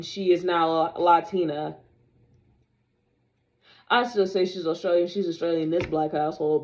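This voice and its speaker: A sassy young woman vlogger rants to camera about dolls, casual and opinionated, animated and speaking straight to viewers. Her pitch is fairly low, and the highs are cut off.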